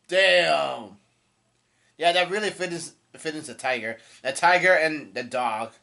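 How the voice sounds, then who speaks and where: A young man reacting casually on the spot, halting often with fillers and restarts and swearing in surprise. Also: on the high side, gravelly, bright, forceful tone. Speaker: manga reaction host. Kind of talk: casual live reading and reaction.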